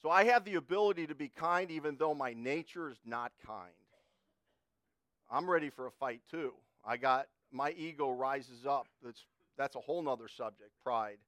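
A man's voice: mid-range voice, moderate pace, fairly bright tone, dry recording, studio quality. A middle-aged man preaching a sermon in a folksy, conversational way, telling a personal story and often restarting his words.

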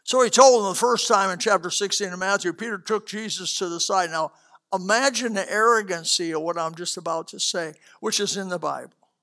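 A male preacher giving a sermon to a congregation, swinging from loud declarations to hushed asides. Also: high voice, fairly quick. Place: church hall with a congregation.

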